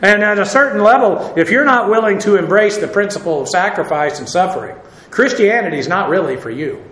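Man, preacher, high voice, folksy conversational sermon, roomy echo. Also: expressive, brisk, fairly bright tone. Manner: conversational, folksy, with frequent "uh" and asides.

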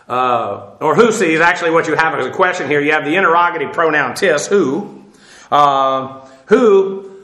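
Guy teaching bible verses, lots of uh's, spells greek words out, bright voice, roomy echo. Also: fairly high pitch. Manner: halting, many uh fillers and restarts.

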